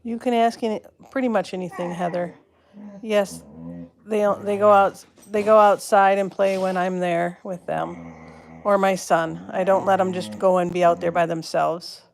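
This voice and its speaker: A woman's voice: lowish voice, fairly even intonation, moderate pace, gravelly. A woman hosting a casual live stream from home, rambling, breaking off mid-word and talking to her pets. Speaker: live-stream host chatting with viewers.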